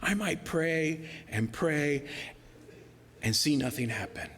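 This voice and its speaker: A male pastor preaching a sermon in an earnest, personal way, sometimes dropping to a soft near-whisper for emphasis. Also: on the high side, lively intonation, takes it slowly, husky, big-room sound. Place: church sanctuary.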